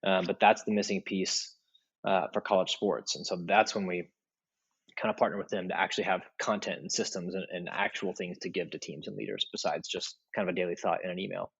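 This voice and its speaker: Husky-voiced man telling coaching stories. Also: low-pitched, fairly quick, lo-fi sound. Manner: animated, acts out quoted voices in stories. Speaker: podcast guest, leadership speaker. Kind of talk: casual interview storytelling.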